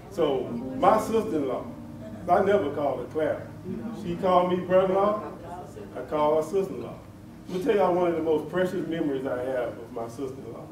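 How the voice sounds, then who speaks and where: A man with a Louisiana accent gives a folksy, emotional eulogy at a funeral home chapel. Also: fairly high pitch. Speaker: family member giving a eulogy. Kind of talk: heartfelt funeral tribute. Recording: echoey livestream from far off.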